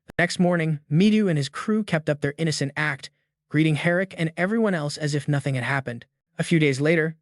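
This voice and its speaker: A man narrating a fantasy comic recap in a steady, scripted storytelling delivery. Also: fairly high pitch, no echo, clean studio sound.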